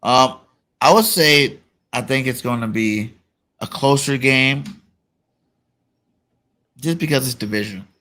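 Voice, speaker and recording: A man hosting a casual sports talk show, relaxed and full of "you know" fillers. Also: mid-range voice, slow, pauses often. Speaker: podcast host.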